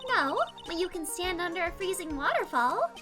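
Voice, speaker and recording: Woman doing a bouncy whiny teen girl, super high and singsongy. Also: very animated, normal speed, music in the background. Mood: pleading. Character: spirited teenage girl spirit medium.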